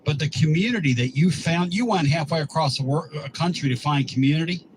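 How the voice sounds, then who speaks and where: A man's voice: fairly high pitch, a little fast, slight background noise, poor audio. A male sports talk radio host who talks in a blunt, emphatic, folksy way.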